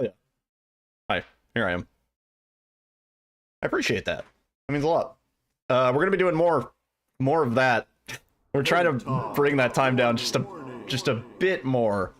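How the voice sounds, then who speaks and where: A man, streaming from his desk at home and chatting with his viewers in a relaxed way. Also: medium pitch. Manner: laid-back, chuckling, greets chat by name. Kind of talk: casual livestream chat with viewers.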